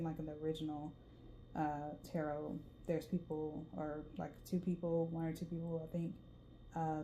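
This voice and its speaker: A woman with a Southern US drawl talks through a tarot reading in a casual, chatty way and reads card passages aloud. Her voice sits fairly low and sounds dark and mellow. Faint background noise runs under the recording. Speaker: tarot reader.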